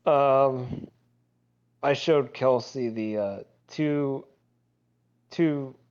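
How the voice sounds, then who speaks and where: A man's voice: mid-range voice, extremely slow, darkish tone, clear, resonant tone, muffled recording. A man co-hosting a film podcast in casual chat, laid-back and hedging his words. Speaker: podcast co-host.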